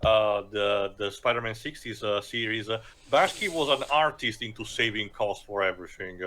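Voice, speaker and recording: Brief: male co-host, bright tone, halting lore explanations full of "uh". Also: on the low side, poor audio. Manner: halting, many fillers, knowledgeable. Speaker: podcast co-host. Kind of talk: casual film commentary.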